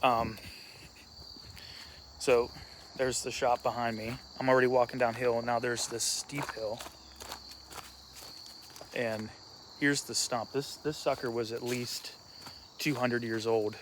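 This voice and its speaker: A man's voice: mid-range voice, flat delivery, takes it slowly, long pauses, background noise. Guy rambling on a walk outdoors, casual vlog, handheld cam, faint crickets in the back. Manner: rambling, casual, self-interrupting. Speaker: vlogger and punk musician. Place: outdoors on a wooded rural hillside.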